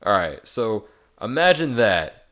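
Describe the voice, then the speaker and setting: A young man with a slightly low voice chats casually on a podcast. He explains at length, animated and joking, with plenty of fillers. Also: slow. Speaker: podcast co-host. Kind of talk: casual chat.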